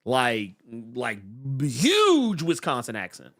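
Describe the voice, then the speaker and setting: A man co-hosting a podcast, chatting casually about comics with animated stammering restarts. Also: mid-range voice, takes it slowly. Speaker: podcast co-host. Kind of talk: casual comic book chat.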